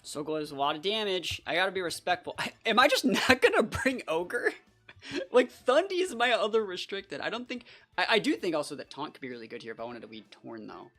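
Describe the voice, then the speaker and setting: An excitable young adult talks through a competitive match, casual and quick to react. The voice swings widely in pitch. Soft music plays underneath. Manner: casual and excitable, heavy use of "like" and "bro". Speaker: competitive battle player and channel host. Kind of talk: live gameplay commentary.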